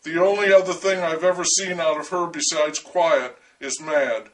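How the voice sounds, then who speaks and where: A man reads a first-person story aloud with dry, wry humor. His voice sits a little high for a man. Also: fairly even intonation, normal speed, fairly bright tone, distant mic, low-quality recording.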